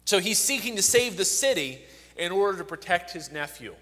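A man's voice: sits high, lively intonation, normal speed, sharp tone, in a large hall. A man preaching a sermon, reading scripture aloud with rising emphasis and often restarting phrases.

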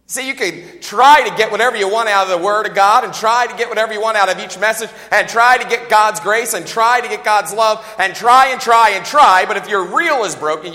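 A man preaching a sermon as a pastor, talking fast and joking in a conversational way, recorded with long hall reverb in a church. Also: sits high, pushed and bright. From United States.

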